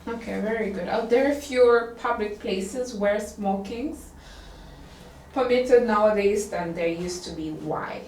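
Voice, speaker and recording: A woman's voice: medium pitch, darkish tone. Patient woman tutor, distant in an echoey room. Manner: patient, repeats words slowly for the student. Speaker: English tutor. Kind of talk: one-on-one language lesson. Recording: roomy echo, distant from the mic, faint background hiss.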